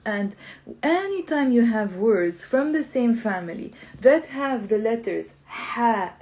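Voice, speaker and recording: An upbeat woman leads a live online language lesson. She coaxes her viewers to repeat after her and says each word slowly. Her voice sits a little high. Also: expressive, a little mellow, low-quality recording. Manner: upbeat, coaxing, repeats words slowly for learners. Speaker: language teacher.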